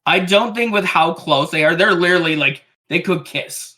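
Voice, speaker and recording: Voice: mid-range voice, pushed and bright, poor audio. A player describing their character's actions in a tabletop game. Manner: slow, descriptive. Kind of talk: casual tabletop play.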